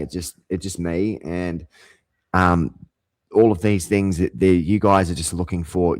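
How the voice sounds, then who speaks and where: A man with a low, slightly mellow voice hosts his own show, launching into a heated, profane, rambling monologue full of restarts and swearing. The recording has no echo.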